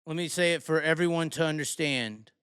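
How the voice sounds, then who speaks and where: A man's voice: a little high, a little fast, fairly bright tone, smooth, dry recording, clean studio sound. A man with a Southern US accent, ranting bluntly about racing, heated and swearing freely. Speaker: racing commentator. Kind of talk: profane opinion rant.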